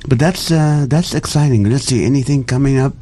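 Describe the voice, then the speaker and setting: A middle-aged man from the Middle East chatting casually, telling animated jokey stories with laughter. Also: mid-range voice, a little fast. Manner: animated storytelling with jokes and laughter. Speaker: guest comedian. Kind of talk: casual chat.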